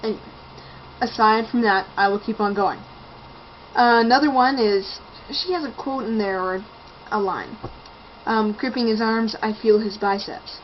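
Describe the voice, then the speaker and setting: A woman's voice: on the high side, moderate pace. Sarcastic young woman ranting on lo-fi video. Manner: sarcastic, ranting, laughs at what she reads. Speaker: book reviewer. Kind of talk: casual vlog review. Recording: dull lo-fi home video with faint noise.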